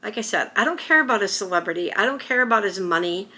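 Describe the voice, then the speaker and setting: A woman's voice: medium pitch, lively intonation, fast, sharp tone. A middle-aged woman vlogging to camera, telling a personal story in a rambling, emotional way with many restarts. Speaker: YouTuber.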